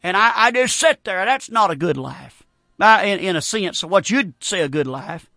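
A man's voice: sits high, animated, moderate pace, creaky, bright, forceful tone, dry recording, studio quality. A middle-aged man preaching a fervent radio sermon, repeating phrases in a folksy, plainspoken way.

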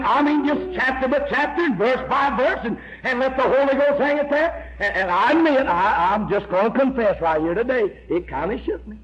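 A man preaching a fiery revival sermon, emphatic and repetitive, building to shouts as he tells his story. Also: very high-pitched. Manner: emphatic, repeats "I tell you" and "amen", rises to shouts. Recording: dull lo-fi recording with faint hiss.

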